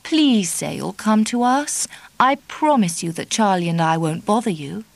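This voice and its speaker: Voicing the same shy, earnest middle-aged character, the woman sounds cool, deliberate and distinguished yet effusively pleading. She's medium-pitched with lively intonation and vocal fry, and there's no echo.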